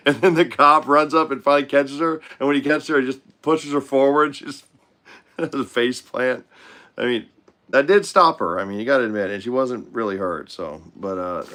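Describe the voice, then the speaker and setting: A man's voice: medium pitch, animated, normal speed, sharp tone. A man hosting a guitar livestream, chatting casually and rambling, trailing off and restarting often with frequent chuckles.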